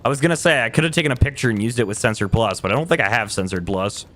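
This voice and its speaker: A man talking off the cuff while he streams a game, his voice sitting in an ordinary middle pitch. He rambles and doubles back on his words, breaks off half-sentences, and chuckles between his points. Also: expressive, rapid-fire, fairly bright tone. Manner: rambling, self-correcting, trails off and laughs. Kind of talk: casual livestream chat while gaming.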